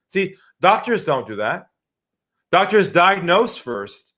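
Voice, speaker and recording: A man speaking as a sales expert guest in a podcast interview, animated and emphatic. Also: sits high, moderate pace. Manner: animated, acts out quoted voices, emphatic.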